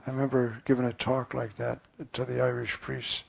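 A priest giving an earnest, musing sermon, often pausing with fillers. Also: male voice, mid-range voice, level tone, creaky, slightly rough.

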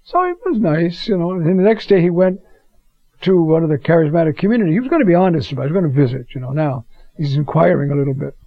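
A man's voice: on the high side, expressive, fast talker, no room sound. An older man giving a conversational Bible teaching, telling stories and often asking his listeners "you see?". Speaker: preacher. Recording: dull lo-fi recording.

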